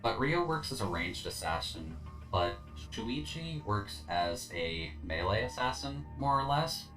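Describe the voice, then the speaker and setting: A man's voice: on the low side, very animated, unhurried, over music. A tired man streaming a video game, talking through his play in a laid-back, rambling way with lots of fillers and slightly slurred words. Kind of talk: casual gameplay commentary.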